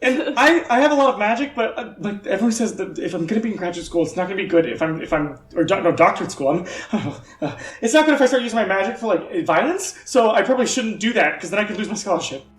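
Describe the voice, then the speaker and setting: A man's voice: sits high, lively intonation, quick pace, hardly any pauses. A man voicing a flustered young student mage. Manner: flustered, rambling, laughing nervously. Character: nervous young male doctoral student mage. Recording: roomy echo.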